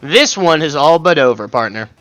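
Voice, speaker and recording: High bright esports co-caster. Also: male voice, lively intonation, moderate pace, muffled recording, soft background music. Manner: punny, laughs often. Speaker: esports color commentator. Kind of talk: color commentary.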